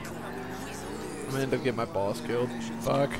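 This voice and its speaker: A man's voice: mid-range voice, fairly even intonation, unhurried, over music. A young man giving casual, profane let's-play commentary over a game, rambling and laughing at himself. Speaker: gameplay commentator.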